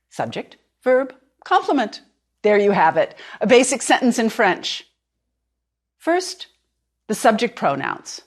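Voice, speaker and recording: A woman teaches a language lesson, speaking clearly and deliberately. She slows right down on the words she wants repeated. Her voice moves up and down a lot as she explains. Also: a little high, big pitch swings. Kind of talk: instructional narration.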